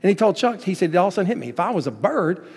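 A pastor preaching with emphasis, acting out the lines he quotes. His voice sits a bit high for a man, and it rings out with a long reverb tail. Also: sing-song, very fast, a little mellow, husky. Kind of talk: sermon.

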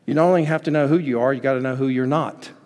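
A man's voice: medium pitch, fast talker, darkish tone, in a large hall. A man preaching a sermon as pastor, telling stories with emphasis and acting out the quotes he cites.

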